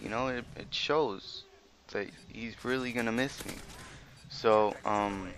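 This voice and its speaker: A man's voice: lowish voice, a bit bright, slight background noise. A young man, a teen, rambling informally and swearing now and then as he tells a personal story over gameplay commentary. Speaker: gaming video commentator.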